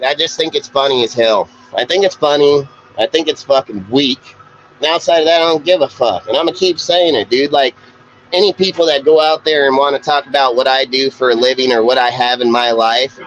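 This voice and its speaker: A man's voice: mid-range voice, a little fast, fairly bright tone, dull audio, slight background noise. A man hosting a live-stream show, ranting in an aggressive, profane, confrontational way. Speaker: livestream show host.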